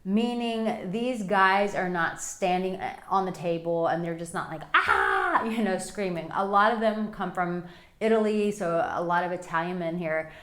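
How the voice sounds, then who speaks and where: A woman dating coach giving advice to men straight to camera, animated and playful, acting out little quotes and stretching words for emphasis. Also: on the low side, normal speed, roomy sound. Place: Monaco.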